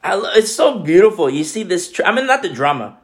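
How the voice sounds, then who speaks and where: A joking, chatty male pastor preaching a relaxed sermon in a small home church room. His voice sits a little high for a man, and he keeps restarting his sentences as he goes. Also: quick pace. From Peru. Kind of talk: casual sermon.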